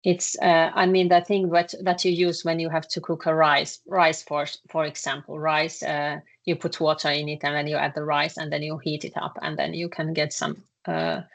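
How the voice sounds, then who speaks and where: Her voice is deep, flat, and creaky as she teaches a language lesson with a Finnish accent. The explanation comes haltingly, packed with filler sounds and repeated words.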